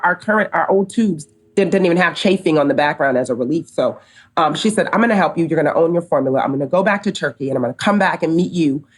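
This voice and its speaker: A middle-aged woman from the United States, speaking low as a podcast guest. She tells her story casually and brings each quoted person to life. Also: breathy edge. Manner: animated storyteller, acts out quoted dialogue. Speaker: company co-founder, podcast guest.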